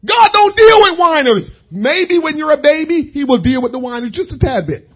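High-pitched man preaching hard. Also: big pitch swings, moderate pace. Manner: shouting, emphatic preaching with sudden drops to quiet asides. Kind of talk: sermon.

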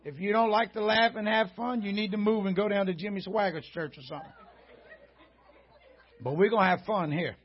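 Male guest preacher, very high husky voice, folksy jokes and shouted preaching, muffled church recording. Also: brisk, a faint crowd. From rural Southern United States. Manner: joking folksy banter rising to shouted preaching. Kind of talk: sermon. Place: church sanctuary before a congregation.

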